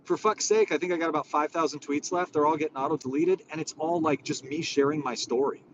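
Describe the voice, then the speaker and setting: A man's voice: on the high side, fast talker, muffled recording. Guy venting in a chat room, cursing a lot, rambling, slight background hiss. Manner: profane, rambling, exasperated. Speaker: host of a social audio room. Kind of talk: casual ranting chat. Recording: faint background noise.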